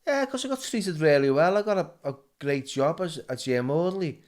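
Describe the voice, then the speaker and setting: A man's voice: fairly high pitch, animated, normal speed, a little mellow. A middle-aged man with a Liverpool accent, a guest telling his story in a casual interview, stumbling and repeating words as he goes.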